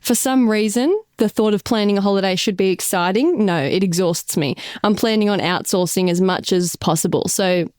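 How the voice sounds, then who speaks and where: A woman's voice: medium pitch, moderate pace, hardly any pauses, a little mellow, clean tone, dry recording, clean studio sound. A young Australian woman co-hosting a podcast, chatty and upbeat, reading listener messages aloud. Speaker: podcast co-host, radio journalist. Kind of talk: casual podcast chat.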